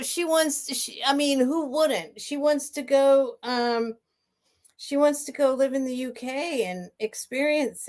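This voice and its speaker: A middle-aged woman hosting a casual live sale stream, talking in a chatty, rambling way with emotional asides. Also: medium pitch.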